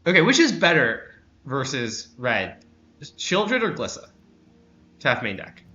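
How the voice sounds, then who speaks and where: A man's voice: mid-range voice, wildly swooping pitch, unhurried, bright, forceful tone, highs cut off. A man streaming a card game, chatting casually, rambling and correcting himself with dry sarcasm. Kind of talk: casual gameplay chat.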